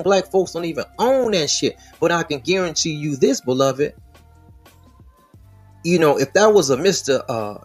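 A man's voice: high-pitched, slightly rough. A man hosting a podcast, talking through the news in casual, slangy, profane commentary. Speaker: podcast host.

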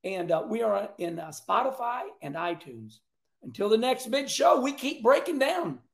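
A man hosting a show, giving emphatic, animated race commentary and repeating points for effect. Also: high-pitched, moderate pace, creaky, roomy sound. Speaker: host.

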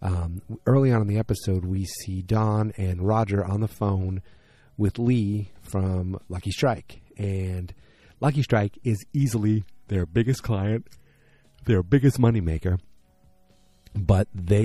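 A man's voice: deep voice, mellow, husky, dry recording. A tired man hosting a podcast late at night, rambling through a casual episode recap and correcting himself as he goes. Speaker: podcast host.

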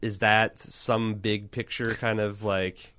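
A man's voice: on the low side, level tone, slow pace, sharp tone, dry recording. A man co-hosting a podcast, talking in a rambling, joking way that often stops and restarts. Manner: rambling, self-interrupting, joking. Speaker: podcast co-host. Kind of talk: casual chat.

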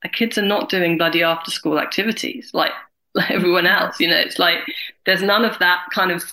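Bright-voiced woman in her forties. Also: fairly low pitch, vocal fry, rough recording. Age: 40s. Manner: animated, acts out other people's lines in quick voices. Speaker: guest, carer and writer. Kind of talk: candid conversational interview.

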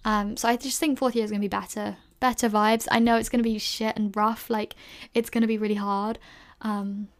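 Chatty young woman with vocal fry. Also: mid-range voice, flat delivery, brisk. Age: early 20s. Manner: chatty, rambling, heavy use of "like", self-conscious laughs. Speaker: podcast host. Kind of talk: casual solo Q&A podcast chat.

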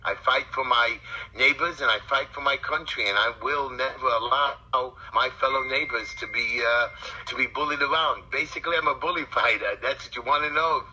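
A man's voice: medium pitch, moderate pace, bright, forceful tone, dull audio, a little hiss or hum. A middle-aged man with a Brooklyn accent, a city council candidate talking bluntly and in a rambling, streetwise way as a guest on a phone interview. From Brooklyn, New York.

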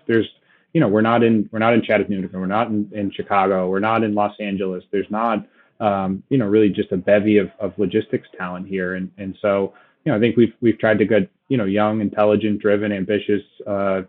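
Low-voiced man on a tinny line. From Boston area. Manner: many restarts and "right?" tags, laughs often. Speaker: logistics company guest. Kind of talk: casual interview talk.

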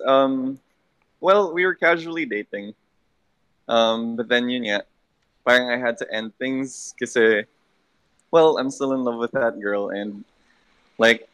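Hesitant caller on a phone. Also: male voice, mid-range voice, fairly bright tone, poor audio. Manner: hesitant, mixes in Tagalog fillers. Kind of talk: phone call-in. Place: hallway. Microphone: phone call.

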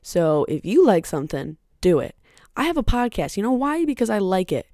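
On her podcast, a young woman chats in a rambling, candid, blunt way, swearing frequently and drifting into side remarks. Her medium-pitched, warm voice swings widely in pitch at a moderate pace, recorded at studio quality with no echo.

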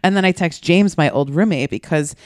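A woman's voice: lowish voice, a little fast, dry recording, studio quality. A woman podcast host telling a comic story in casual chat, acting out quotes and swearing freely.

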